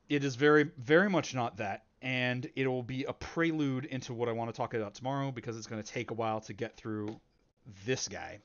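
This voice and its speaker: A man's voice: medium pitch, muffled recording. A man hosting a debate reaction video in casual commentary, rambling with many fillers and self-corrections. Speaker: reaction channel host.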